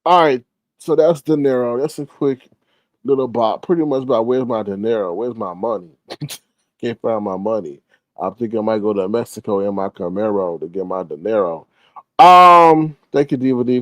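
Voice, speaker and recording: Male stream host, chatty and profane storyteller; mid pitch, dead-dry mic. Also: no echo, rough recording. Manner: animated, acts out quoted people with higher pitch; profane, slangy. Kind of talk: casual storytelling to a live audience.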